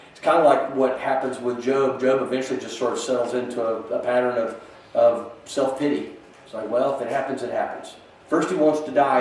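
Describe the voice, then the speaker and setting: A man's voice: fairly high pitch, a little mellow. A man teaching a church Bible class in a conversational way, often restarting his sentences and reading scripture aloud. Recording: echoey room from a distance.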